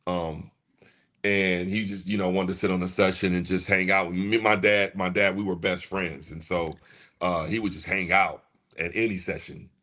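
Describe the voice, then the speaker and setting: Low-voiced storytelling man. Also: moderate pace. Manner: animated, acts out quoted voices. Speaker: music producer guest. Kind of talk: casual storytelling.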